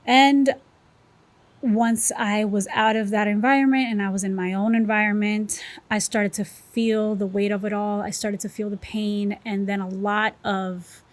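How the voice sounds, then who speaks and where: Woman podcast guest, candid and emotional, personal testimony, animated storytelling. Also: medium pitch, measured pace.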